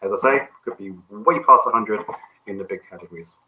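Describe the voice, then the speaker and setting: A man coaching on a call, answering questions in a relaxed, conversational way with frequent ums and restarts. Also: on the low side, a little fast, low-quality recording. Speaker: business coach.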